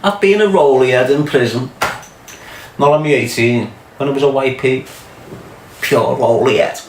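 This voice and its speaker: A man's voice: medium pitch, moderate pace, a little hiss or hum. Sweary Scouse man, casual livestream chat. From England. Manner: swears a lot, loose storytelling, greets viewers. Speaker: livestream host. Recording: echoey room with music behind.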